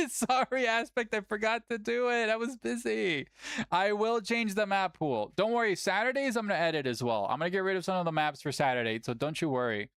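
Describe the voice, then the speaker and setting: A tournament host chatting casually on a livestream, animated, laughing often and swearing casually. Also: mid-range voice, moderate pace, smooth, no echo, clean studio sound.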